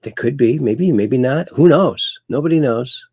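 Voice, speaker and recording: A man's voice: mid-range voice, a little slow, a little mellow, husky, dry recording, studio quality. A man hosting a casual livestream, rambling and reading viewer comments aloud. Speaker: host.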